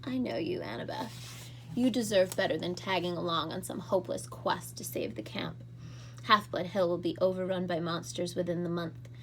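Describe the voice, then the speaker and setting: Woman reading as a smooth, mocking teen villain. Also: lowish voice, normal speed, slight background noise, lightly acted. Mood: taunting. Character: smooth, scornful teenage boy villain.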